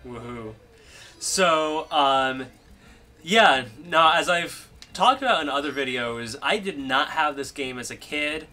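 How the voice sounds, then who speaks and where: A man's voice: fairly high pitch, expressive, takes it slowly, sharp tone. A young man streaming a video game, chatting casually and rambling, and laughing easily.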